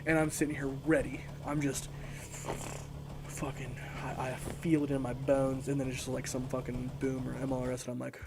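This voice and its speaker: Against a noisy background, a young man streams a game and rambles casually in a gravelly, medium-pitched voice. His delivery is flat at a normal speed, peppered with curses and self-mockery.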